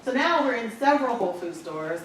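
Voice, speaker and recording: Woman telling a story to a room, lively, does little voices for people, sounds far off in a big echoey hall w faint hiss. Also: fairly high pitch, a little fast. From Michigan, USA. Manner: animated storyteller acting out quoted dialogue. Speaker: entrepreneur speaker. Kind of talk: storytelling talk to an audience.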